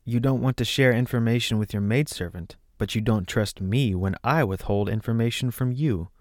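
A man's voice: medium pitch, normal speed, no room sound, clean studio sound, close to an everyday voice. A man reading the part of a proud, domineering queen who speaks in a cold, commanding way.

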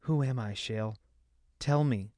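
A man's voice: mid-range voice, unhurried, dark tone, no echo, studio quality, close to an everyday voice. A man doing a defiant young princess. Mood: despairing.

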